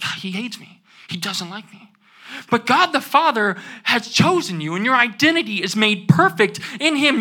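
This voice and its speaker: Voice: mid-range voice, sharp tone. A young adult student giving an earnest sermon, repeating key phrases and asking the audience to say them back. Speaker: student speaker.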